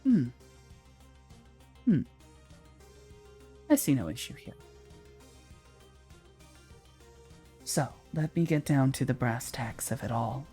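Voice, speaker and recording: A game master voicing a calm dwarven corporate executive in a tabletop game, using their plain voice with no accent. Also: mid-range voice, unhurried, long pauses, soft background music. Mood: businesslike. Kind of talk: in-character tabletop dialogue.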